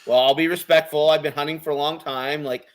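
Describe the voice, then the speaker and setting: A man's voice: fairly high pitch, fairly even intonation, fairly quick. A man in casual chat, recounting a hunt in an easygoing way with lots of fillers. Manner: easygoing, agreeable, says "like" a lot.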